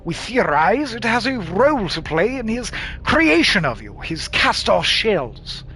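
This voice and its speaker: A man's voice: sits high, big pitch swings, measured pace, pushed and bright, soft background music, pitched above the performer's own voice, exaggerated voice. A man voicing a tall, gaunt, sonorous man in a posh, old-fashioned London accent, speaking formally and reverently.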